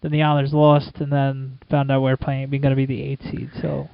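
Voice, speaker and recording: A man's voice: medium pitch, monotone, brisk, vocal fry, clean tone, dry recording, muffled recording. A man co-hosting a casual sports podcast, wry and sarcastic. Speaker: podcast co-host.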